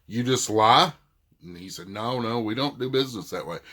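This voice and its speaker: A man's voice: mid-range voice, animated, moderate pace, a bit bright. A middle-aged man with a thick Southern accent, casually retelling a dispute and quoting what each side said. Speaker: vlogger. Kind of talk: casual storytelling.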